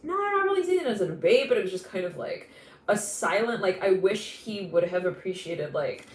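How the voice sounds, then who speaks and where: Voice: mid-range voice, very animated, fairly quick. A tarot reader giving a live intuitive reading in a chatty, rambling way, laughing often and restarting thoughts. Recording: roomy echo with faint background noise.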